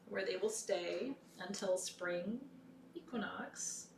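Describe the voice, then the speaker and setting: Woman ritual leader, lowish voice, soft and heartfelt, recorded from a distance in an echoey room. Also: fairly even intonation, measured pace, pauses often. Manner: soft, heartfelt, intimate, often dropping to a whisper. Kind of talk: leading an online pagan ritual. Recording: echoey room, distant mic, faint noise.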